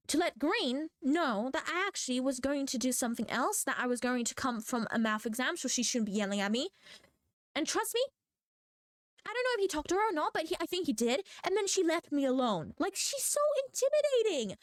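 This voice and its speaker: A teenage girl ranting as a vlogger, telling stories in an animated, rambling way that keeps correcting itself. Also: high-pitched, no room sound, clean studio sound. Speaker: VTuber vlogger. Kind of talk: rambling rant.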